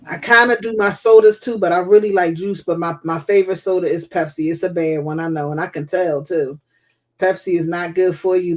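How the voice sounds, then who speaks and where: Blunt, profane woman host. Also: lowish voice. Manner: blunt, profane, motherly advice-giving. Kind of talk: casual live chat with viewers.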